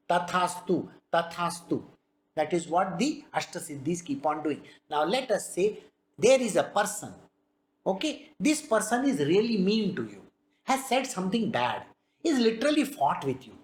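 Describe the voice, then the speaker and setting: A woman giving a spiritual discourse as a teacher, lively and questioning, often asking her listeners rhetorical questions. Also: medium pitch. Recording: roomy echo.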